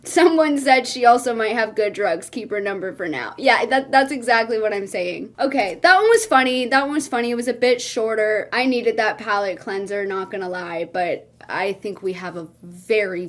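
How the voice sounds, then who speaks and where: A woman streamer giving casual reaction commentary as she reads posts aloud, animated and incredulous, laughing often. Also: medium pitch, moderate pace, few pauses. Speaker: streamer and content creator.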